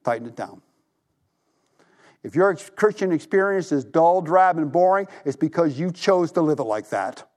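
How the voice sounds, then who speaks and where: A male pastor preaching a sermon, telling stories animatedly, acting out the voices he quotes and dropping to a hush for emphasis. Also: fairly high pitch, expressive, normal speed. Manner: drops to a hushed voice for emphasis.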